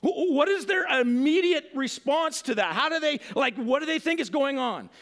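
A man's voice: very high voice, lively intonation, normal speed, fairly bright tone. A man preaching a sermon, reading scripture and then explaining it with emphatic rhetorical questions. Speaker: pastor.

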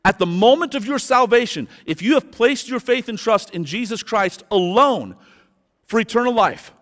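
A man preaching a sermon as pastor, emphatic and slowing down to stress his points. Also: very high-pitched, animated, fairly bright tone. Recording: long hall reverb.

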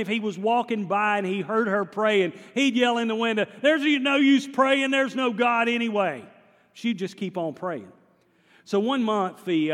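A male pastor, preaching a sermon with humor and animated storytelling and putting questions to his congregation. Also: sits high. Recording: long hall reverb.

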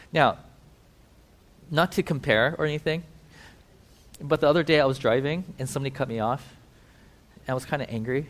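A man preaching a sermon who tells the story vividly, swings between emphatic and hushed, and talks directly to his listeners. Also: on the high side. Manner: conversational asides to listeners.

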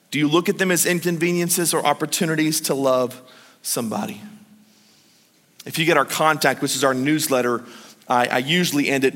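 A male pastor preaching a lively, joking sermon and chuckling at his own points. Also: fairly high pitch. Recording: long hall reverb.

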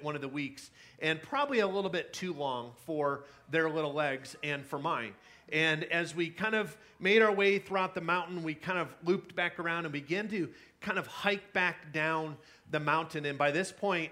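A young man preaches to his congregation in an easygoing, story-driven way. His voice is bright and sits a bit high, and he often stops to restart a phrase. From California. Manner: conversational storytelling with many fillers and restarts. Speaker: pastor. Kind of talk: sermon.

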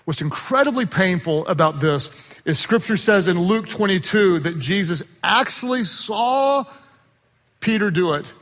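A male pastor preaching a sermon in a church, animated, with shouted emphasis and joking asides. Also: high-pitched, measured pace. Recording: long reverb of a large hall.

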